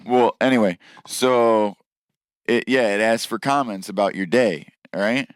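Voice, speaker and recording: A man's voice: on the low side, a little slow, smooth, dry recording. A man co-hosting a casual podcast, telling work stories with lots of swearing and laughter. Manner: animated, swearing storyteller. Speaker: podcast co-host. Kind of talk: casual chat, storytelling.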